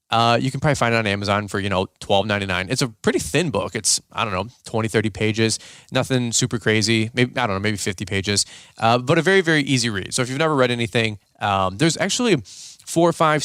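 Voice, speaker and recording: A podcast host tells a story in a casual, rambling way, with plenty of fillers and restarts. His mid-range voice is fairly bright, clear, and resonant, captured as clean studio sound with no echo.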